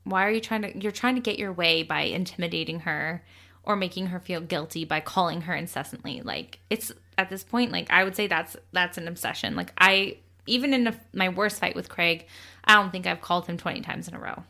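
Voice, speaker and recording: A young woman co-hosting a casual true crime podcast, chatty and quick to laugh, swearing casually as she tells the story. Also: fairly low pitch, vocal fry, pushed and bright.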